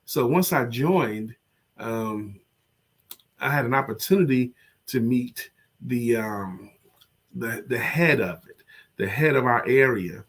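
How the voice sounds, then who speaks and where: A man co-hosting a motivational show, talking slowly and softly while he recovers from an illness. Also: mid-range voice. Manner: slow, tired, soft-spoken. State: sick, low energy, recovering from covid. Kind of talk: casual chat.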